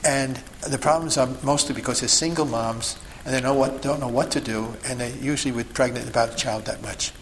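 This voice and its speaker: A man's voice: medium pitch, steady tone, a little fast, hardly any pauses, slight background noise, rough recording. Emphatic man teaching a group. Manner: emphatic, peppered with rhetorical questions and checks like "okay?" and "see?". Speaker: sidewalk counselor teaching a group. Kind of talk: instructional talk to a group.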